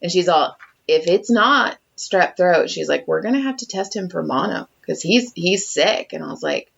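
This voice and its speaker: On a dull, lo-fi recording, a podcast co-host with a lowish voice and vocal fry tells a casual story. She's animated, acting out quotes and swearing a lot.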